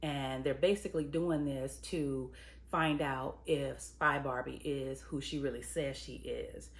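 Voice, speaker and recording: A woman's voice: very deep voice, fairly even intonation, a little slow. A woman reviewing a TV episode from a screenwriter's point of view, chatting casually with lots of "um" and "you know" as she weighs the craft choices. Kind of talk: casual spoken episode recap and commentary.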